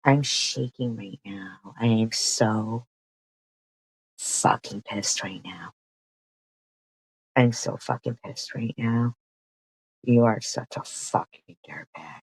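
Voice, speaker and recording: A woman reacting on a commentary stream, tripping over her words and repeating herself as she swears in outrage. She speaks slowly and deliberately. Her voice is close and dry, with no room sound. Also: very deep voice, darkish tone, husky, no echo, rough recording.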